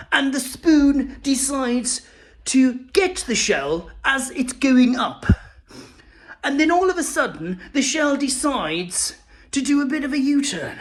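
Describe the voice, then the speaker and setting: A man doing an impression of an excitable, fussy male stand-up comedian who gets breathless and shrill as he rants. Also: heavily acted. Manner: breathless, exaggerated, rising to shrill peaks.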